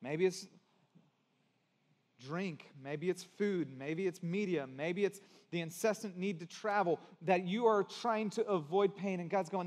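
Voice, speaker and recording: A man with a notably high voice delivers a sermon as a pastor. He talks conversationally and rises to emphatic peaks. Long reverb from a large hall trails each phrase. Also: a little slow.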